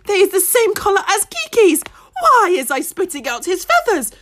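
A woman's voice: very high-pitched, wildly swooping pitch, moderate pace, fairly bright tone. A woman narrating a children's story expressively in the first person, using childlike grammar. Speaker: audiobook narrator.

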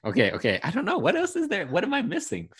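Animated joking man with wildly swinging pitch. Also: slightly rough. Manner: joking, animated, quick laughter. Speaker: podcast co-host. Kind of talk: casual podcast chat.

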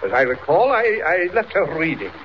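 A pompous fussy old chemist. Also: male voice, a little high, big pitch swings, normal speed. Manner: pompous, indignant. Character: fussy older male chemist suspect. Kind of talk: 1940s radio acting. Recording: dull noisy 1940s radio recording.

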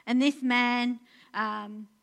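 A woman's voice: a little high, steady tone, extremely slow, creaky, a bit bright. Earnest woman preaching. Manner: conversational, earnest, many fillers and restarts. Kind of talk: sermon. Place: church in Portugal.

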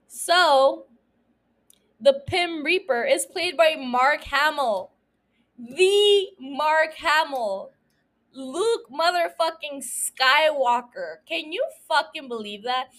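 A woman hosting a solo podcast, ranting casually and excitedly about a TV show, swearing often. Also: sits high. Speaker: podcast host.

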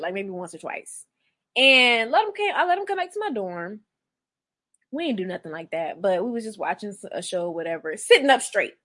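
A young woman co-hosting a casual chat, telling blunt, animated stories full of slang. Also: on the high side. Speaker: podcast co-host. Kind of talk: casual chat reacting to a reality show.

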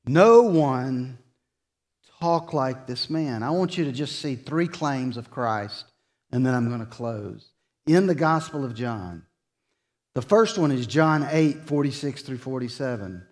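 Male pastor, slow deliberate sermon, swings from loud to hushed, church sanctuary. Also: mid-range voice. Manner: slow, dramatic preaching with sudden loud rises and soft drops.

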